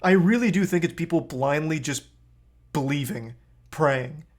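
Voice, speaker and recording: A man's voice: a little high, unhurried. Heated, blunt man streamer. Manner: blunt, heated, swears often. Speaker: streamer reacting to a video. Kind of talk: casual live-stream commentary.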